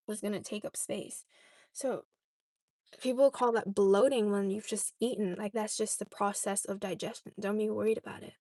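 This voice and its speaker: Gravelly-voiced woman in casual chat. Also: mid-range voice, darkish tone, no echo, clean studio sound. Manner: chatty, often checks in with "okay?". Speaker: vlogger answering viewer questions.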